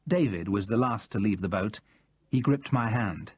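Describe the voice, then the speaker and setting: A man narrating a novel in the first person, in a measured and expressive manner. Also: lowish voice, slightly rough, dry recording. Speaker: audiobook narrator.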